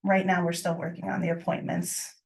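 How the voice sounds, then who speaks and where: A woman from a county waste office explaining a recycling program at a public meeting, casual with frequent pauses and fillers, with a Midwestern American accent. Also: fairly low pitch, level tone, gravelly, distant mic. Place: county government meeting room.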